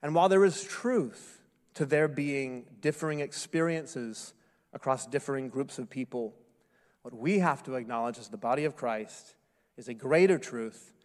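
A man's voice: mid-range voice, darkish tone. A man preaching a sermon as a pastor, telling stories with wry, self-deprecating humor. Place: church sanctuary. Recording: echoey hall with long reverb.

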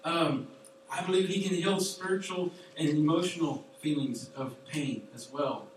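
A young man delivers a sermon in an emphatic, conversational way and breaks into stories from his own life. His voice sits high and comes from away from the microphone. The large room around him rings with heavy echo. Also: a little slow, a little hiss or hum. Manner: casual storytelling, emphatic and animated. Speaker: preacher. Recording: very echoey room, voice from far off.

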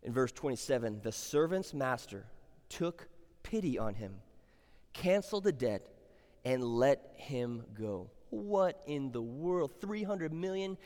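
A pastor preaching a sermon, explaining scripture and driving points home with rhetorical questions and repeated phrases. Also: male voice, mid-range voice, animated, a little slow, darkish tone, in a large hall.

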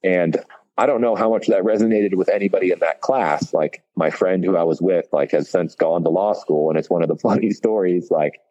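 Deep, dark-voiced man telling stories. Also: brisk, lo-fi sound. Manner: loose and profane, heavy on fillers. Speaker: chef, podcast guest. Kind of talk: casual storytelling.

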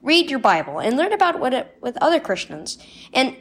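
A woman reads a children's devotional story aloud. Her voice sits fairly high and swings widely in pitch. She tells the story with animated, expressive storytelling. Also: fairly quick. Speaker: devotional reader.

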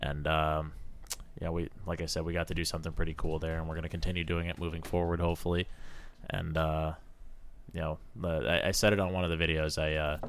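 A young man, a race car driver, telling a heartfelt story in casual podcast chat, halting and restarting as he goes. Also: rumbling low, level tone, a little hiss or hum.

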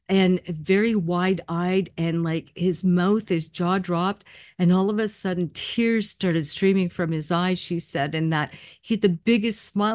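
A woman with a lowish voice speaks as a psychic medium in a casual panel chat. She tells stories in an earnest, gentle, reassuring way. The sound is close and dry, with no room around it. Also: a little slow, no room sound.

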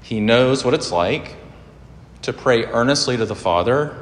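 A male pastor delivers an earnest sermon and prayer in a mid-range voice. He surges up in pitch and loudness whenever he drives a point home. The recording is roomy, with the long reverb of a large hall. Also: lively intonation, a little slow.

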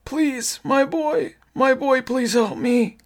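A man voicing a creature that pretends to be an old, crippled father, begging in a high, raspy, strained whine. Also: takes it slowly. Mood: pleading. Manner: high, strained, whining pleading. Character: creature mimicking an old bedridden father, pleading.

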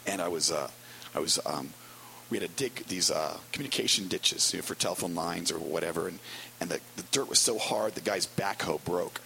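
Male pastor, low-pitched gravelly voice, casual storytelling sermon with dry humor. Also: pushed and bright, a little hiss or hum, poor audio. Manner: wry, storytelling with quick asides. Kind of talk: conversational sermon.

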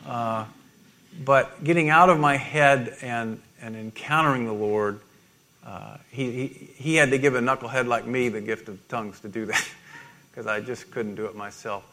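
A middle-aged man preaching a sermon, halting and self-deprecating, with many restarts and small laughs. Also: mid-range voice, bright, forceful tone, a little hiss or hum. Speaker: pastor.

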